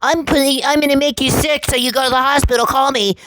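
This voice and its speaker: Lady doing a super high whiny gloating guy, mocking, sneery. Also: fairly even intonation, fast, background noise, close to an everyday voice. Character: whiny gloating man, a harasser.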